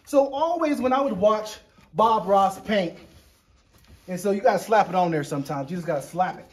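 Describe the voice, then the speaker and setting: High-voiced playful man hosting a painting show. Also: lively intonation, normal speed. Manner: playful, chatty, jokey. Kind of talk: casual painting demonstration.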